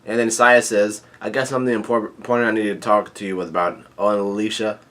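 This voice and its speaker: Fast and fairly bright, the man's fairly low voice barely shifts in pitch as he casually recaps a manga chapter. He reads lines aloud while rambling with many fillers and restarts.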